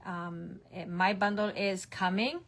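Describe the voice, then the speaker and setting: A woman's voice: mid-range voice, fairly even intonation, takes it slowly. A woman demonstrator casually recapping her card projects to camera from her home craft room, with lots of ums and self-corrections. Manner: chatty, showing cards, frequent ums and self-corrections. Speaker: online stamping demonstrator.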